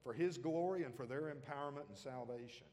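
A man's voice: mid-range voice, a little fast, darkish tone, big-room sound. A man preaching a sermon as pastor, talking conversationally and throwing questions out to the congregation.

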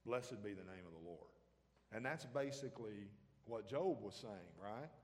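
A man's voice: fairly low pitch, animated, normal speed, darkish tone, in a large hall. A man preaching a sermon as pastor, talking conversationally and throwing questions out to the congregation.

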